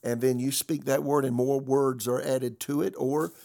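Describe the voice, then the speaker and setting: A man's voice: mid-range voice, fairly even intonation, normal speed, gravelly, warm tone. A man pastor teaching in a conversational sermon style, telling a personal story with many fillers and restarts.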